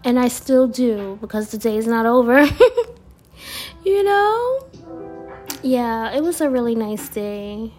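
A woman's voice: fairly high pitch, sing-song, darkish tone, soft background music. A woman casually chatting as she reads affirmation cards, laid-back, laughing often and throwing in slangy asides. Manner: reads cards slowly and deliberately. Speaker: vlogger reading affirmation cards. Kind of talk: casual chat.

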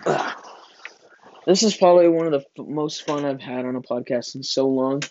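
A man's voice: medium pitch, normal speed, a little mellow, lo-fi sound, a little hiss or hum. A teenage boy hosting a casual podcast with a friend, rambling and joking with frequent laughs. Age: teens. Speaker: podcast host.

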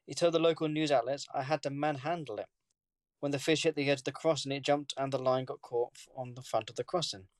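Dry, steady news reader. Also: male voice, medium pitch, fast talker, no room sound. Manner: plain, steady reading. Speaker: podcast co-host. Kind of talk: reading a news story aloud.

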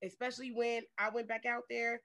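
A woman's voice: on the high side, flat delivery, a little fast, a bit bright. A woman talking candidly and profanely in a casual podcast chat, laughing often.

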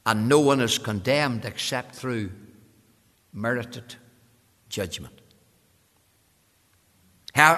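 A man preaching a sermon with great passion, swinging from loud cries to hushed endings and calling the listener "friend". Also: medium pitch, big-room sound. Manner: addresses the listener directly as friend.

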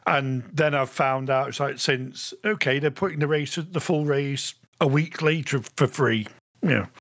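A man's voice: mid-range voice, moderate pace, fairly bright tone, no echo. A man co-hosting a podcast in casual chat. He talks hesitantly, restarting his sentences and leaning on "you know". The sound is dry and close. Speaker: podcast co-host.

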